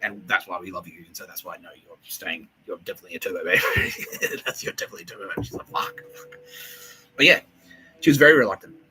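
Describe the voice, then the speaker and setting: A man hosting a solo podcast, rambling excitably with lots of swearing and laughter, often acting out what others said. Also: low-pitched, quick pace, noisy background. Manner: excitable, profane, laughing, acts out quoted voices. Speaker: podcast host.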